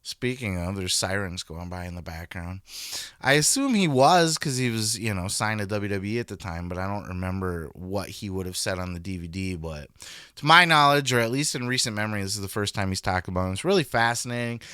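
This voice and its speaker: Bright-voiced swearing podcast host, dry sound. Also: male voice, fairly low pitch, brisk, smooth, no echo. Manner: blunt, swears constantly, animated reactions. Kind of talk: profane casual commentary. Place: indoors, sirens passing outside.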